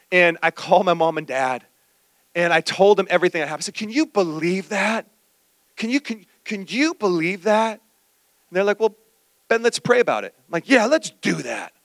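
A male pastor preaching a sermon, telling a personal story with animated, acted-out quotes. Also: sits high, vocal fry, dry recording.

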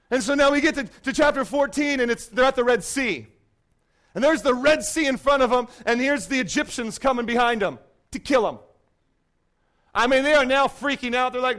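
A man preaching a sermon as pastor, swinging between loud declarations and hushed, quiet asides. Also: very high voice, animated, fairly quick.

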